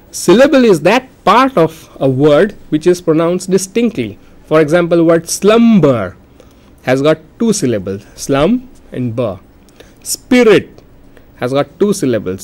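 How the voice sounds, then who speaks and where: Man giving a slow poetry lecture. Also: a little high, a little mellow. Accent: Indian English. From India. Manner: explains slowly, repeats and restarts words. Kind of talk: recorded classroom lecture.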